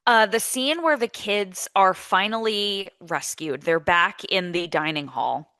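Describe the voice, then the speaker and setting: A woman's voice: mid-range voice, a little slow, pushed and bright, clean tone, dry recording. A woman co-hosting a podcast, chatting casually about a film with blunt, profane, wry remarks. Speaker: podcast co-host. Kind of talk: casual movie-review chat.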